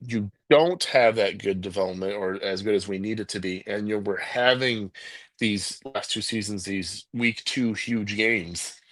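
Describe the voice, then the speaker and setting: A man's voice: on the low side, fairly bright tone, no room sound. A man co-hosting a sports call-in show, talking casually and rambling with many restarts and laughs.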